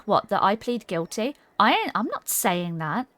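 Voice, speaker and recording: A woman's voice: on the high side, sing-song, a little fast, a bit bright, no echo. A woman streaming a game, chatting casually and giggling while she reads chat aloud.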